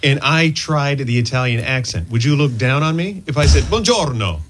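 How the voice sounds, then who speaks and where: A man's voice: medium pitch, moderate pace, fairly bright tone. An American man co-hosting a radio show, playful in conversation. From United States. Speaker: radio co-host. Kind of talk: casual radio chat.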